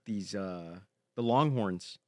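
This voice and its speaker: A young man co-hosting a podcast, talking in a relaxed, meandering way and saying "dude" often. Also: lowish voice, slow pace, no echo, studio quality. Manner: relaxed, says "dude" a lot, drifts while remembering. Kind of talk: casual chat.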